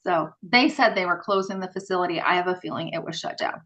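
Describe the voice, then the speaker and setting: A woman on a podcast recounting her work in casual, animated storytelling. Her voice is bright and forward, and she slips into quoted dialogue often, padding her talk with "um" and "like.". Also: fairly low pitch, fast talker, rough recording. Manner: animated, many fillers, acts out quoted dialogue. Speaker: podcast guest, former group home worker.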